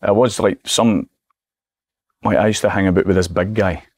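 A Scottish man in his forties, a guest telling lively anecdotes in a casual podcast chat. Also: deep voice, normal speed, dry recording, clean studio sound. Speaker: guest, former footballer and manager.

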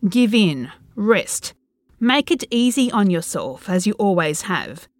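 A woman voicing a calm, lucid ancient entity that wants to steal a body, speaking in a soothing, coaxing way that sinks to a low hush. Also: takes it slowly, dry recording.

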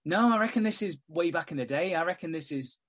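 Man, casual podcast chat, lots of swearing, quick laughs, acts out lines. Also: on the high side, animated, fairly bright tone. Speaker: podcast host. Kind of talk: casual chat, recapping a soap.

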